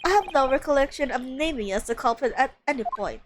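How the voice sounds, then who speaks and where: A woman's voice: high-pitched, lively intonation, fast, noisy background. A woman voicing a smug, condescending male detective in a game read-through, with an attempted British accent and haughty, formal phrasing.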